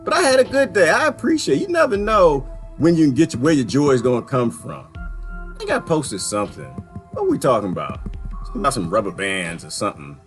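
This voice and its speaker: A man ranting in a casual vlog, swinging from loud outbursts to quiet mutters and laughing often, with folksy talk. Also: mid-range voice, big pitch swings, fast talker, faint music behind. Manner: folksy, uses "y'all". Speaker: vlogger. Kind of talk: ranting monologue.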